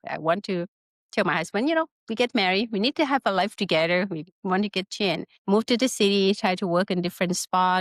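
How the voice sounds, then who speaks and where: A middle-aged woman with a Thai accent, a spa business founder telling her story in an interview in lively, broken English. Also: lowish voice, no echo, studio quality. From Northern Thailand. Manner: animated storytelling with broken English, laughs often.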